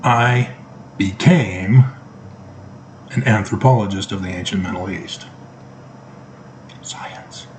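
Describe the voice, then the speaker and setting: A man's voice: on the low side, takes it slowly, long pauses, noisy background. A middle-aged man talking to camera in a casual monologue, emphatic and sarcastic, throwing out rhetorical questions. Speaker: vlogger.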